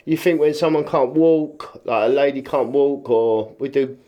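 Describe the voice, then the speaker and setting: A man, a rubbish clearance business owner chatting as a podcast guest, telling stories and acting out what people said. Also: medium pitch, normal speed, lo-fi sound. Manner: plain, informal speech. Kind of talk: casual podcast chat.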